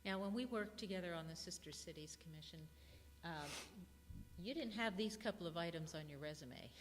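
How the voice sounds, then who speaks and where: A woman with a lowish voice asks a guest questions on stage. She sounds set back from the mic in a hall with long reverb, and faint background noise hangs behind her. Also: brisk. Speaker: interviewer. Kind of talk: onstage interview.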